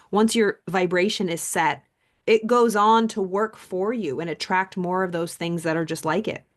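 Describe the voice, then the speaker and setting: Woman coach, slightly low voice, casual, animated book commentary. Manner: animated, mixes reading aloud with personal stories. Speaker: self-help coach reading and discussing a book.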